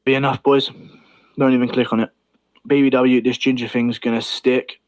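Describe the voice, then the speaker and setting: A man's voice: medium pitch, little pitch movement, normal speed, clean tone. A man from Britain, chatting casually on a livestream with rambling, profane opinions. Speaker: stream host.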